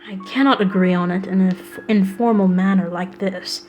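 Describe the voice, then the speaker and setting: A woman's voice: mid-range voice, steady tone, normal speed, a little mellow, faint music behind, natural voice, poor audio. A woman reading aloud as a stiff, formal and shy young prince in a visual novel. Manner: formal, stilted speech.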